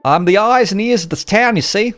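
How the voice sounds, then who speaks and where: A man's voice: sits high, a little fast, fairly bright tone, no room sound, faint music behind, voice pushed up. A man voicing a boastful, gossiping male tavern keeper in a put-on Australian accent, with folksy slang. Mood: gossipy. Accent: mock Australian.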